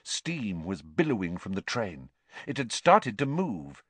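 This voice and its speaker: A man reading an audiobook aloud, narrating in an expressive storytelling manner. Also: fairly low pitch, unhurried, husky, no room sound.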